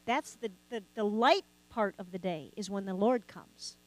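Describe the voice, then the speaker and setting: A woman's voice: medium pitch, measured pace, rough recording. A woman preaching a sermon, talking conversationally and asking the congregation rhetorical questions. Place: church sanctuary.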